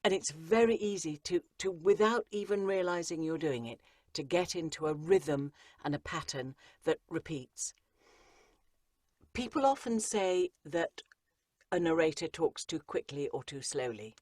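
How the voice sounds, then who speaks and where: This interview features a woman, an audiobook narrator and coach, explaining her craft and emphatically repeating phrases to drive points home. Her voice is low and a little mellow, her pace measured, and the recording dry with clean studio sound.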